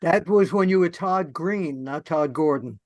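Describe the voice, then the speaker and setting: Male host, slightly high pitch, dry close sound, enthusiastic, casual. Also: measured pace, a little mellow, dry recording. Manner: enthusiastic, reactive, asks short questions. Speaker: interview host. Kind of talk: casual interview chat.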